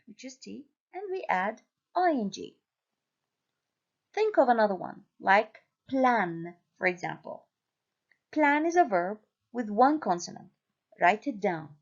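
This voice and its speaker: Slow, lively woman teaching English grammar. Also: on the high side, highs cut off. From Syria. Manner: slow, spells out letters and repeats patterns. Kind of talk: recorded grammar lesson.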